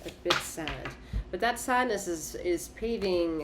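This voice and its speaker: A woman's voice: fairly low pitch, animated, measured pace, noisy background. Emphatic, profane woman tarot reader. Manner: emphatic, repetitive, profane, punctuated by laughter. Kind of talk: casual spoken tarot reading.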